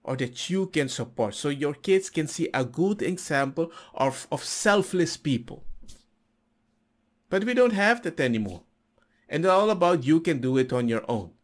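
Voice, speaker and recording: A man's voice: a little high, sing-song, moderate pace. A man hosting a reaction video who comments in an indignant, sarcastic way. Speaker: host reacting to a clip.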